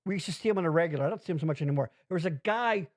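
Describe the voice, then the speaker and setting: Man, high voice, podcast host, profane, rambling, animated. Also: very fast. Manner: rambling, swears constantly, animated swings in pitch. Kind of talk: casual profane chat.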